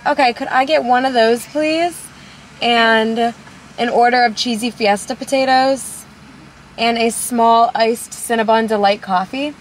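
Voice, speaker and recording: A woman's voice: fairly high pitch, fairly even intonation, unhurried, slight background noise. A bubbly, talkative woman of about twenty, vlogging casually from her car at a drive-thru. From Ohio, USA. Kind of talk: casual chatty vlog. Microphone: camera in the car.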